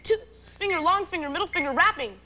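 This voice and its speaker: A woman with a very high voice rattles off clues in a game show, halting and repeating herself as she searches for words. The old broadcast tape hisses underneath. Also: lively intonation. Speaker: celebrity guest player. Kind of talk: rapid clue-giving in a word game. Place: TV studio. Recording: noisy 1980s TV tape.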